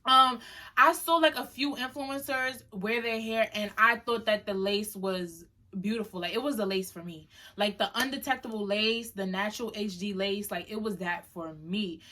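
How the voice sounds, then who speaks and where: Bright-voiced chatty young woman vlogger. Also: medium pitch, moderate pace. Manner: chatty, animated, slangy storytelling. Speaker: beauty vlogger. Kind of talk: casual unboxing vlog.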